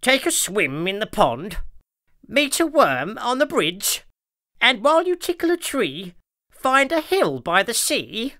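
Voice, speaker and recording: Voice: medium pitch, very animated, slow, pushed and bright, voice pushed up, exaggerated voice. A storybook narrator voicing a puzzled male worker bee, reciting in a sing-song rising way.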